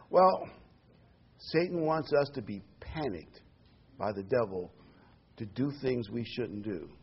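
Husky-voiced preacher giving a sermon. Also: male voice, mid-range voice. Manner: earnest, emphatic repetition with fillers. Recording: dull lo-fi recording.

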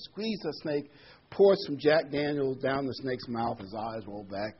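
A man preaches a sermon, reading scripture and then unpacking it in plain, folksy asides. His voice is husky and mid-pitched. The recording sounds dull and lo-fi. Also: lively intonation, moderate pace. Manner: reads verses then explains in folksy asides.

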